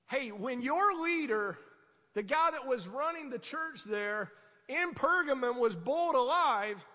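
A man preaching a fervent sermon, swinging from quiet asides to loud exhortation. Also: very high-pitched, in a large hall. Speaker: pastor.

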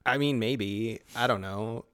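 A man's voice: on the low side, a little slow, fairly bright tone, clean tone. A man co-hosting a casual podcast, rambling and joking with lots of restarts. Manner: rambling, jokey, many restarts. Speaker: podcast co-host. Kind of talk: casual chat.

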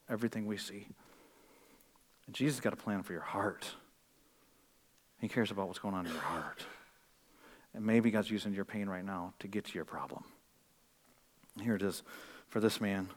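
A man preaching a sermon in a church, shifting between loud, emphatic stretches and quiet, intense ones. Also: medium pitch. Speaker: pastor.

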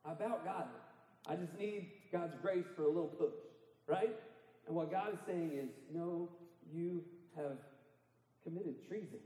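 A man preaching a sermon as pastor, animated and emphatic, rising to near-shouts and laughing at his own jokes. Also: a little high, measured pace. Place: church sanctuary. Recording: echoey church hall with long reverb.

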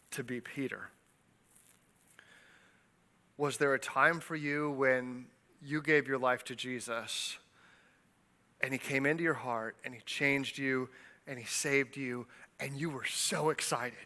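Bright-voiced preacher telling a story. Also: male voice, mid-range voice, takes it slowly, pauses often. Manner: animated storytelling, voices the people in the story, drops soft for appeals. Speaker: pastor. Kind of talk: sermon.

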